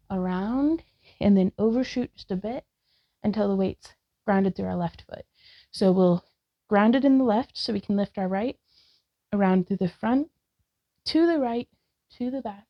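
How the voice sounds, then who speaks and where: A woman leading a yoga class, calling out slow, calm cues and directions. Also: mid-range voice, no room sound, highs cut off. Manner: slow, calm cueing with soft laughs. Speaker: yoga instructor.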